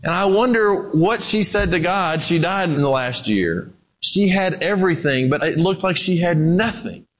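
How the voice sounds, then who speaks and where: A man preaching a sermon in a conversational way, moving between loud emphasis and quiet, low passages. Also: lively intonation, moderate pace, poor audio.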